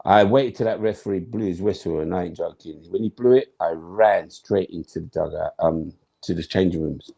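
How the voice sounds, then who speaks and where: Here the former footballer speaks low and creaky at normal speed, barely pausing, his tone warm with a slight roughness. As an interview guest he tells animated stories, slangy and emphatic, voicing his own thoughts aloud.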